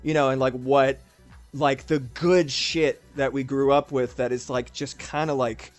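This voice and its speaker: A medium-pitched male voice with fairly even intonation moves at a measured pace over faint background music. He's an art streamer chatting loosely as he draws, swearing openly along the way.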